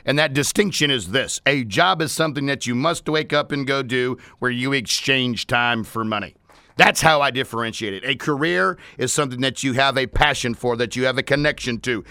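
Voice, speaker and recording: A man's voice: mid-range voice, normal speed, vocal fry, bright, forceful tone, dry recording, studio quality. A man hosting a business talk radio show, playful and joking, with a scratchy strained voice. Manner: playful, rhymes and jokes, restarts.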